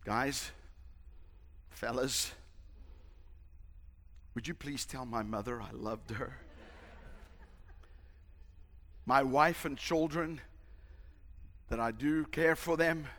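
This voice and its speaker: A man's voice: mid-range voice, slow pace, pauses often, a bit bright, pitched below the performer's own voice. A preacher voicing a terrified man lying on the ground, pleading and fearful. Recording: long hall reverb.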